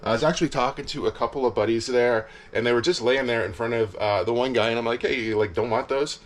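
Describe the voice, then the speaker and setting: An easygoing Canadian reseller vlogger chats casually about his resales, rambling and using plenty of fillers. He talks fast at a medium pitch from a cold backyard shed warmed by a heater.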